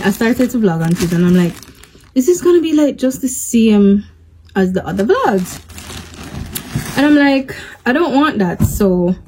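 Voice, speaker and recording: A woman's voice: mid-range voice, dark tone, a little hiss or hum, poor audio. A young adult woman chatting casually to her viewers in a home vlog, rambling and explaining in loose run-on sentences. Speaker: vlogger.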